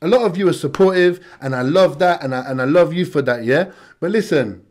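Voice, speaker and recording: A man hosting a music reaction video, talking casually in slang with excited bursts of hype. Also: a little high, fairly quick. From United Kingdom.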